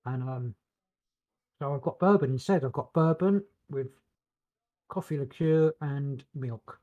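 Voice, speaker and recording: A man's voice: medium pitch, measured pace, narrow, tinny audio. A British man co-hosting a podcast, rambling and swearing freely in casual chat. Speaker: podcast co-host.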